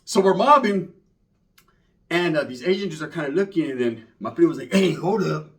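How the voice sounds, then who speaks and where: A man's voice: fairly high pitch, lively intonation, fairly quick, a bit bright. A man telling a rambling, profane street story in casual slang, full of asides. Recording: voice from far off the mic.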